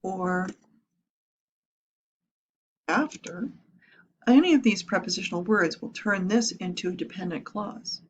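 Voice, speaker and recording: A woman teaching a grammar lesson, lively, explaining step by step and asking rhetorical questions. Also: mid-range voice, measured pace, pauses often, lo-fi sound, a little hiss or hum. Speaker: writing teacher.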